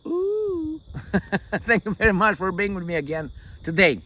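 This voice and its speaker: A man's voice: high voice, a little fast, pushed and bright. An older man vlogging from inside a tent, giving rambling political commentary in a profane, mocking, jokey way.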